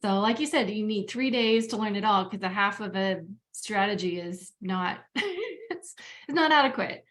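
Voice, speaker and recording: A woman's voice: mid-range voice, lively intonation, normal speed, fairly bright tone. Chatty woman hosting a webinar. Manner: chatty, friendly, frequent "um" fillers. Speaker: webinar host.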